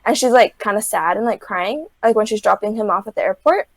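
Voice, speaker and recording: A young woman with a mid-range voice speaks briskly as a podcast guest, and the recording is dry. She recaps a reality show in a casual, animated way, saying "like" all the time and acting out the quotes.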